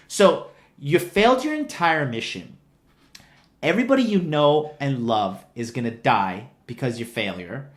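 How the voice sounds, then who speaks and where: A man's voice: mid-range voice, lively intonation, a little slow. Profane, exasperated man ranting. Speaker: online commentator. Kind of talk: ranting movie review.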